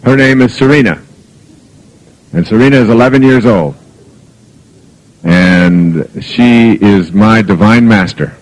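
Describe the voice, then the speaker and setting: A man's voice: lowish voice, measured pace, long pauses, rough recording. Brief: middle-aged male lecturer, easygoing, humorous storytelling delivery. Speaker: motivational speaker. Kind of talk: live lecture to an audience.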